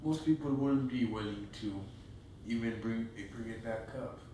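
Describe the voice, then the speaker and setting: A man asking questions off camera, soft and hesitant. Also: mid-range voice, moderate pace, a little hiss or hum. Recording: distant voice in a very echoey room.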